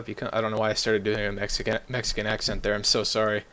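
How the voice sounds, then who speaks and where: A young man co-hosting a casual podcast, joking and quick to apologize for himself. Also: fairly low pitch, monotone, sharp tone. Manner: joking, self-deprecating. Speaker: podcast co-host.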